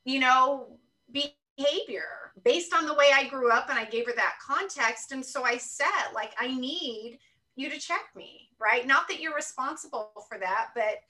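A woman with a high, bright, forceful voice speaks at a measured pace, captured from a distance on a low-quality recording. She's a guest on an interview podcast, talking earnestly and thinking aloud in a reflective, conversational way, often checking in with "right?".

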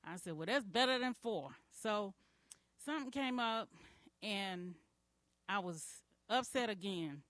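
A woman's voice: mid-range voice, lively intonation, unhurried, fairly bright tone, no echo. A woman giving a testimony at church, speaking with determination and rising emphasis. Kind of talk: spoken testimony.

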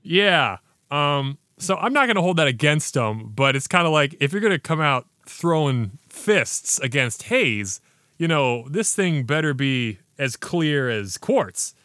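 Upbeat man hosting a beer podcast, a touch high and very bright, dry close mic. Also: very animated, measured pace, dry recording. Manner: enthusiastic, slangy banter. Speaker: podcast host. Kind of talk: casual beer review chat.

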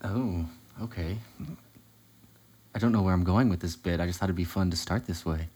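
A man's voice: low voice, normal speed, a little mellow, slightly rough. A man from Ohio co-hosting a comedy podcast, joking around and laughing often in casual banter. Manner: giggly, playful, riffing on bits. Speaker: podcast co-host.

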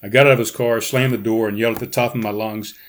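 A man, host of a podcast, reading his own memoir chapter aloud with dramatic dialogue and quiet offhand asides. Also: fast. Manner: animated, pitch jumps up in quoted dialogue, quiet asides.

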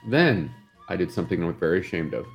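A man's voice: low voice, big pitch swings, quick pace, gravelly, soft background music. A man co-hosting a casual morning show, talking plainly and hesitantly with fillers. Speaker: co-host.

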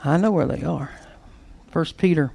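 A man with a notably high voice preaches, telling a story with lively swings in force. He leaps to loud bursts, then drops into hushed, near-whispered lines. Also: moderate pace, creaky, slightly rough. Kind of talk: storytelling sermon.

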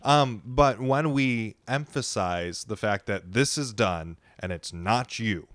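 Man with a lowish voice, calm explainer, dry sound, faith chat. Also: slow pace, no echo. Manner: calm, explanatory, builds on the other host's points. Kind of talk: casual faith discussion.

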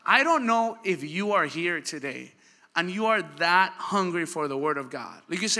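A man preaching a sermon, telling lively stories and asking the congregation questions. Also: high voice, moderate pace. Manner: animated storytelling, asks the crowd questions. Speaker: pastor. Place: church hall. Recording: church hall reverb.

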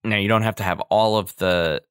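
A man's voice: lowish voice, fairly even intonation, fairly quick, fairly bright tone, smooth, dry recording, studio quality. A man casually analyzing a film, loose and filler-heavy, often acting out the characters he quotes. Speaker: film commentator.

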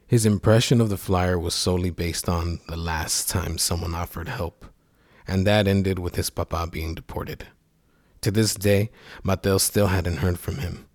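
Deep-voiced male story narrator. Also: fairly even intonation, dry recording, clean studio sound. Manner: measured, somber.

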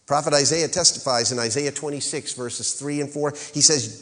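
Guy preaching a sermon, gets loud and emphatic, asks the crowd to say it back, big echoey church. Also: mid-range voice, moderate pace. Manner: rises to emphatic peaks, calls for congregation response. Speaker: pastor.

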